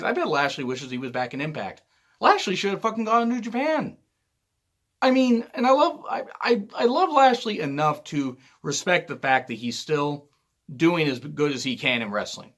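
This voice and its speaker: Angry guy ranting loud, swearing a lot, normal mid voice. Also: mid-range voice. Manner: loud, heated, swearing often. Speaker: wrestling show reviewer. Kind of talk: angry profane rant.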